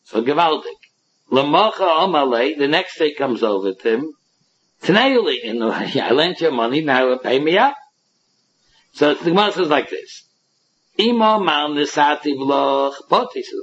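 A man's voice: fairly high pitch, lively intonation, normal speed, a bit bright, breathy edge. A man giving a Talmud lecture, explaining each passage by acting out both sides of the dispute. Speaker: Talmud teacher. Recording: dull lo-fi recording.

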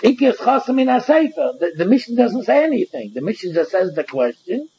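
A man's voice: high voice, very animated, fairly quick, a little mellow, lo-fi sound, a little hiss or hum. A man teaching a Talmud class, explaining step by step and often repeating words as he goes.

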